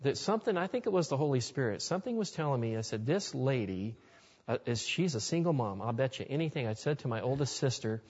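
A man with a middle-pitched voice gives a storytelling sermon, earnest and folksy in manner. His voice carries a long reverb off a large hall. The recording is dull and lo-fi. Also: animated, fast, a little mellow, breathy edge. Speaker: Christian speaker. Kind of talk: storytelling sermon to a live audience.

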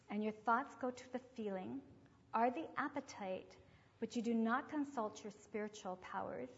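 A woman with a fairly high voice preaching and telling stories, acting out each voice she quotes. The sound is dull and lo-fi, with a long reverb trailing off the walls of a large hall. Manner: animated storyteller who acts out quoted voices. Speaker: religious speaker. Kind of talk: sermon with storytelling.

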